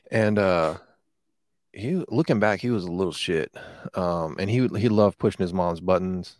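A man's voice: deep voice, no room sound, studio quality. A man in casual chat, telling a rambling, profane story with lots of fillers.

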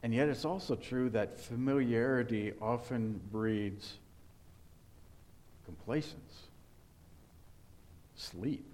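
A man's voice: mid-range voice, slow pace, long pauses, a little mellow. A male pastor preaching an earnest sermon and putting rhetorical questions to his congregation.

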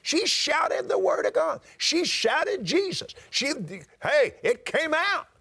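Older preacher guy, high-pitched, folksy sermon, tells stories and hollers sometimes. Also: big pitch swings, slow, vocal fry. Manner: folksy preaching, rising to shouts.

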